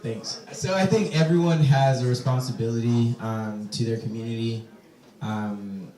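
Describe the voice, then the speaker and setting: A man, a poet, answering audience questions at a live reading. He talks hesitantly and softly, with many fillers. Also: medium pitch, moderate pace. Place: echoey event space. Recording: echoey room, distant mic.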